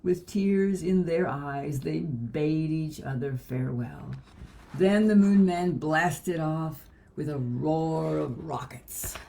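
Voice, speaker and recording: A woman's voice: deep voice, vocal fry. Woman reading a storybook aloud. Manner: gentle, measured storybook reading. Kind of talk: reading a children's book aloud.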